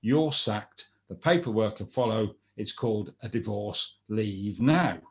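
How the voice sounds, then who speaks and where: A man's voice: fairly low pitch, expressive, unhurried. A man playing a pompous, foolish king in a spoken folktale, blustering and self-satisfied. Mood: stern.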